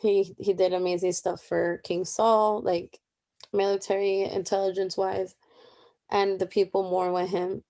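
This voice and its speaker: A woman's voice: medium pitch, little pitch movement, unhurried, warm tone. A young woman casually talking through a daily Bible reading, informal and chatty with many asides. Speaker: Bible reading plan presenter. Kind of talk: casual Bible study commentary.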